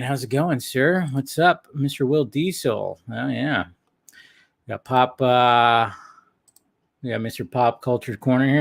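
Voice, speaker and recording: An upbeat man hosts a casual live stream and chats loosely with his viewers. His voice sits at an ordinary middle pitch. He greets people by name and rambles through friendly asides. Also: a bit bright. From California. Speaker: livestream host. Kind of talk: casual livestream chat.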